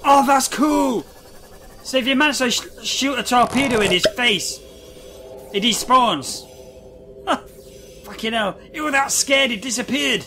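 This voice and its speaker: A man commentating a video game, excitable and sweary, often laughing. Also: very high-pitched, measured pace, gravelly, pauses often, slight background noise. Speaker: gamer. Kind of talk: let's play commentary. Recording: game music behind the voice.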